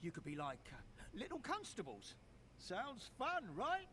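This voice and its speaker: An actor playing a harried, pushy town guard who wheedles and bargains. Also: male voice, extremely high pitch, huge pitch swings, measured pace, bright, forceful tone, slight background noise, exaggerated voice. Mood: wheedling.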